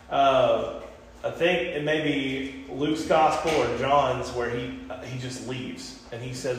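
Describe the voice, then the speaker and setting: A man's voice: medium pitch, slow, slight background noise. A man hosting a casual Bible discussion podcast, talking earnestly and repeating himself as he works through a passage. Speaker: preacher and podcast host. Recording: echoey room with long reverb.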